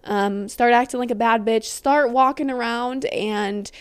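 Young woman host, fairly high voice, chatty and rambling, giggles, swears casually; podcast chat. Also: fairly even intonation, unhurried, clean tone.

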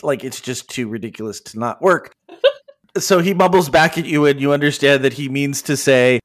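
A man's voice: medium pitch, moderate pace. A man narrating as game master in a tabletop role-playing game, easygoing and laughing often.

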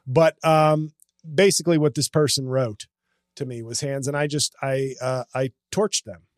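A man's voice: mid-range voice, fairly even intonation, normal speed, no echo, clean studio sound. A man hosting a casual comedy podcast, talking in a sarcastic, ranting, self-mocking way.

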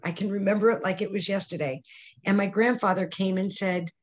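An older woman, a guest on a podcast, telling childhood stories in an animated way and voicing the people in them. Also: medium pitch, a little fast. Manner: animated storyteller acting out quoted voices. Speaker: psychic medium guest. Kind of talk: storytelling interview answers.

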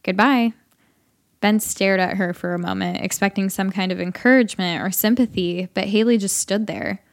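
Woman narrator, dry steady storytelling, mid-pitched voice. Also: a little fast, creaky. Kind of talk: audiobook narration of a comic short story.

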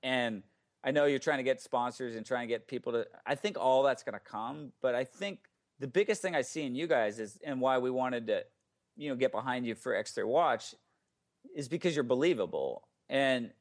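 A man's voice: mid-range voice, moderate pace. A man guesting on a podcast, rambling in a casual, filler-heavy way as he praises the hosts. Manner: rambling, lots of "like" and restarts. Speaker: podcast guest, ministry founder.

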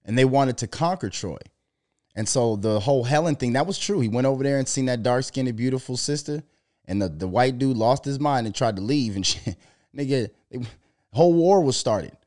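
A man talking in a loose, profane monologue, telling animated stories and putting on mocking voices as he quotes people. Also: mid-range voice, normal speed. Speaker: podcast co-host. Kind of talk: casual monologue.

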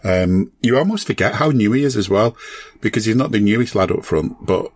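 A man with a Liverpool accent co-hosting a football podcast, rambling and animated with frequent self-corrections. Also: fairly low pitch, a little fast, breathy edge, dry recording. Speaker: podcast co-host. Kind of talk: casual football chat.

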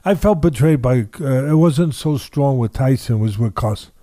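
A man's voice: mid-range voice, lively intonation, normal speed, dark tone, no room sound. Emphatic older man telling a story. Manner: emphatic storyteller, repeats phrases, acts out quoted voices. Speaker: boxing trainer guest. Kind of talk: storytelling interview.

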